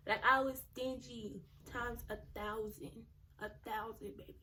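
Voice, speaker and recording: A teenage girl vlogging, telling her story in a chatty, animated way straight to her viewers. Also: fairly high pitch, unhurried, a little hiss or hum. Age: teens. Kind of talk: casual storytime.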